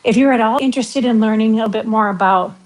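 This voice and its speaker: A woman's voice: fairly high pitch, quick pace, faint music behind, low-quality recording. A middle-aged woman with a West Coast American accent, chatting on a walking livestream, rambling between topics and reading out viewer comments. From western United States. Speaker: livestream vlogger. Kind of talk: casual livestream chat while walking.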